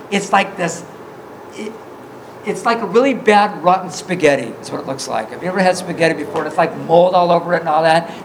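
A preacher in the middle of a sermon, retelling scripture in loose, slangy everyday talk and slipping into the voices of the people in the story. The voice sits at an ordinary middle pitch, with a faint hiss of noise behind it. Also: low-quality recording. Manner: casual, slangy storytelling that acts out the scripture scenes.

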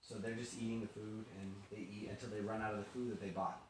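A man retelling a Bible story in a casual, animated way, acting out the quotes. It is recorded in a very echoey room from far off. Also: lowish voice, fast talker, a little hiss or hum. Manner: animated, chatty, acts out quotes.

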